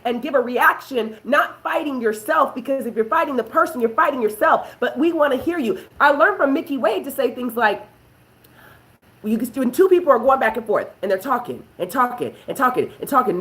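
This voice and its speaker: A woman's voice: on the high side, fairly bright tone, poor audio. Emphatic woman preaching about marriage. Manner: emphatic, tells stories with quoted voices. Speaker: prophetess. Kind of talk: preaching talk show.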